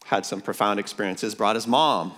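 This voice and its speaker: A man's voice: lowish voice, normal speed, a bit bright, slight background noise. A man preaching a sermon to a conference crowd, emphatic and jokey, calling out for amens. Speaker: pastor speaking at a leaders' conference. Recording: long reverb of a large hall.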